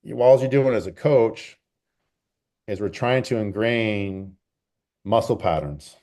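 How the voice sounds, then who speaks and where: A man who coaches track and field, answering interview questions in a relaxed, rambling way and repeating phrases for emphasis. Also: fairly low pitch, takes it slowly. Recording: call recording.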